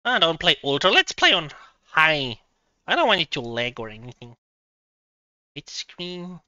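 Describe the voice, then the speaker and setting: A woman streaming a game live from her home computer setup, thinking out loud, laughing often and swearing freely. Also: low-pitched, sing-song, a little slow, no room sound, highs cut off.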